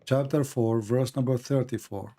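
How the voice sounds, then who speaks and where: Male debate host on a live stream, mid-pitched, combative, hammers questions and reads quotes deliberately. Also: fairly even intonation, warm tone. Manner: argumentative, presses with repeated questions.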